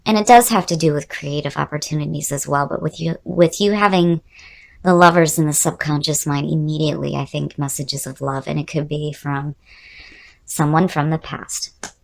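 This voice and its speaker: A woman giving a casual tarot reading is losing her voice and sounds hoarse. Her voice sits low with a steady tone and moderate pace as she muses aloud, repeats key words, and addresses the viewer directly.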